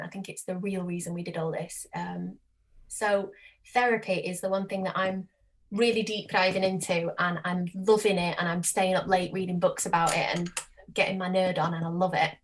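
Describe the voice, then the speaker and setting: A British woman speaks as a guest on a business podcast, chatty and enthusiastic. Her voice sits at an ordinary middle pitch for a woman, and she talks in a relaxed, conversational way. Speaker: marketing agency CEO, podcast guest. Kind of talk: casual podcast interview.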